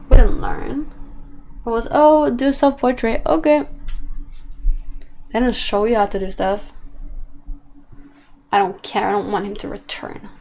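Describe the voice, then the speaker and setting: A woman's voice: mid-range voice, darkish tone, slight background noise. A young woman livestreamer in casual chat, answering viewers' messages aloud, blunt and swearing freely.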